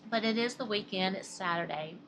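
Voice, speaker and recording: A middle-aged woman from the Southern United States, with a medium-pitched, slightly bright voice and a brisk pace, chats casually in her crochet vlog. She rambles to her viewers with a Southern American accent and laughs often, over slight background noise.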